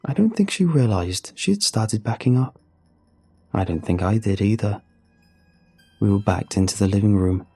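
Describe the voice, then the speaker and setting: A man telling a first-person horror story in a grim, measured way. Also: on the low side, warm tone, slightly rough. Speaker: narrator.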